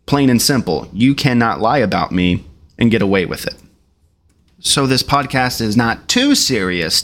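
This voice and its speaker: Male podcast host, profane and sarcastic, very lively pitch. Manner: blunt, profane, mocking; mimics rappers in a high voice. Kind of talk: casual commentary reacting to clips.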